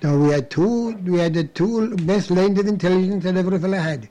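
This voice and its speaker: An older man recounts his memories in a rambling, anecdotal way, often breaking off into chuckles and restarting his sentences. His voice sits a little higher than most men's, yet it has a soft, mellow tone. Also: a little fast. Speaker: interviewee. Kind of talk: oral history storytelling.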